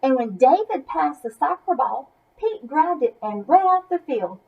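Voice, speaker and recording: Lady reading a kids book aloud, high and swoopy, chatty little asides, muffled lo-fi sound. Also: very animated, a little slow, vocal fry. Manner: chatty asides to young listeners. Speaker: masked reader. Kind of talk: expressive children's story read-aloud.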